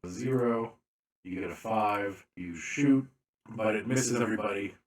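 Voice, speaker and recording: Deep male voice, unhurried game master narration, echoey room. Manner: slow, deliberate narration with fillers.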